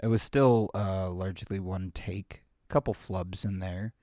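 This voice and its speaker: A man's voice: low voice, steady tone, unhurried, warm tone, no room sound, studio quality. A man who reads children's stories aloud, chatting casually about his practice in a rambling, self-deprecating way with many fillers. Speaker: amateur reader of children's stories. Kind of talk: casual chat after a reading.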